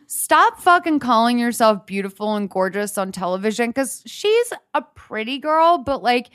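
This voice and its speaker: A woman chatting casually as a podcast co-host, animated, swearing freely and filling every pause with "like". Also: a little high, no echo, clean studio sound. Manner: animated, swears a lot, heavy use of "like". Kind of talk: casual chat.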